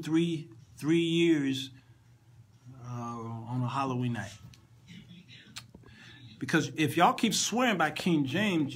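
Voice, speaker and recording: A man's voice: on the high side, a little hiss or hum, poor audio. A man hosting an informal Sunday school Bible lesson in a conversational way, often repeating and restarting words and making playful asides to his listeners.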